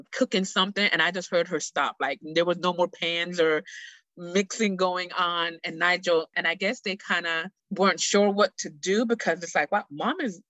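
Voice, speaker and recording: A middle-aged woman speaking as a guest, telling a personal story in an earnest, heartfelt, animated way. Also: on the low side, dry recording, poor audio.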